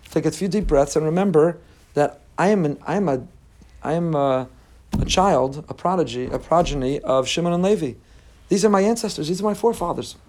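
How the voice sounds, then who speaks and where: A man teaching a Torah lesson, earnest and repetitive, swinging between emphatic lists and quiet asides. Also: fairly high pitch. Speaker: rabbi teaching a class.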